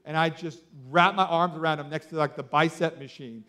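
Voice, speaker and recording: A man in his thirties preaching a sermon, telling stories excitedly with lots of fillers like "like" and "you know". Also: a little high, a little fast, clear, resonant tone. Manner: excitable storytelling with many fillers. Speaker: pastor.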